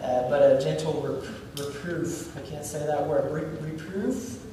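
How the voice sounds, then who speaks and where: A man's voice: on the high side, flat delivery, a little slow. Man, informal Bible teaching, frequent fillers, distant mic, long hall reverb, faint background noise. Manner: conversational, lots of fillers and restarts. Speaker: Bible study leader.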